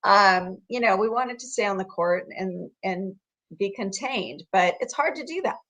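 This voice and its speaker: A woman's voice: mid-range voice, animated, normal speed, fairly bright tone. Upbeat woman podcast guest. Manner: upbeat, conversational, laughs at own jokes. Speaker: guest, coach and co-author. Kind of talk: casual podcast conversation.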